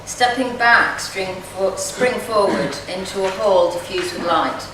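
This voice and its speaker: A woman giving a measured, expressive poetry reading at a community event. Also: medium pitch, noisy background. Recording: echoey room, distant mic.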